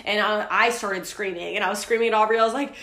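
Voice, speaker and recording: A woman's voice: mid-range voice, quick pace, echoey room, slight background noise. A young woman co-hosting a casual faith podcast, telling personal stories candidly and with animation. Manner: candid, animated storytelling with laughs. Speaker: podcast co-host.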